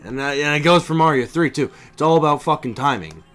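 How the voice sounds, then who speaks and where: A man's voice: on the high side, lively intonation, fast talker, a bit bright, faint music behind. A man streaming a game, with sarcastic mock enthusiasm and frustrated swearing as he plays. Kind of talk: live gameplay commentary.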